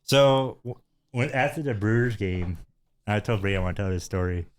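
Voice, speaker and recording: A man's voice: lowish voice, normal speed. A man co-hosting a podcast, telling stories in casual chat and acting out the voices of the people in them. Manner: animated storyteller who acts out voices. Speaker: podcast co-host.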